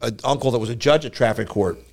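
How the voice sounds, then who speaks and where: A man co-hosting a podcast, telling animated stories in casual chat and jumping into higher voices for the people he quotes. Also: fast, vocal fry. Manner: animated storyteller who jumps into high voices for quoted people. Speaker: podcast co-host.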